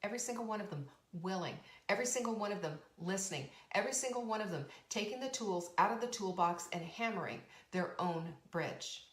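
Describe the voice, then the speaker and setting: A woman's voice: medium pitch, animated, fairly quick, hardly any pauses, echoey room. A woman hosting a motivational talk as a coach, speaking emphatically and earnestly with lots of repetition. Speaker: podcast host and coach.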